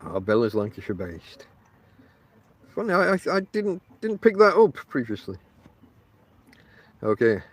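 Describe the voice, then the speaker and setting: A man's voice: medium pitch, very animated, a little slow, pauses often, breathy edge. A man from Barnsley with a Northern English accent, hosting a casual rambling podcast monologue from a tent and talking straight to his listeners. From Barnsley, South Yorkshire, England. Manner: chatty, addresses listeners directly, many fillers. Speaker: podcast host. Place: inside a tent outdoors.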